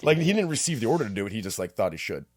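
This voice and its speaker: A man's voice: lowish voice, very animated, rapid-fire, dry recording, studio quality. A man co-hosting a podcast, telling a story in casual chat and swearing freely. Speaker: podcast co-host.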